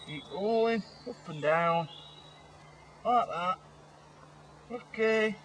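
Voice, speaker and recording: A man's voice: high voice, drawn-out words, fairly bright tone, a little hiss or hum, exaggerated voice, low-quality recording. An actor playing a blustering, hapless male jungle survival expert, explaining steps in a mock-instructive way and swearing when things fail. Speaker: survival specialist in a comedy sketch. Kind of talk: mock survival-show presentation.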